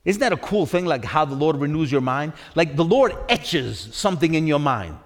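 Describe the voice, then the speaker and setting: A man's voice: on the high side, big pitch swings, moderate pace, long reverb tail. A man preaching a sermon, emphatic and repetitive, who keeps checking in with "right?". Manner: emphatic, repeats phrases and keeps asking "right?".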